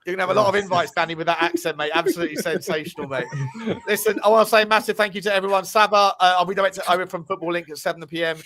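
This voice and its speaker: A man hosts a football fan live stream in a casual, chatty way. He talks fast with a bright, forceful edge and a slightly high voice. He swears and shouts out viewers as he reads their messages. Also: fairly even intonation. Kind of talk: casual live-stream chat, reading out super chats.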